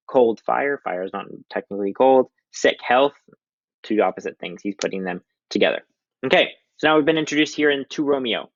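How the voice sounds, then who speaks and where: A man's voice: lowish voice, dry recording. A male teacher explaining a play in a casual, chatty way with many ums. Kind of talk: recorded literature lesson. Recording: dull lo-fi dry recording.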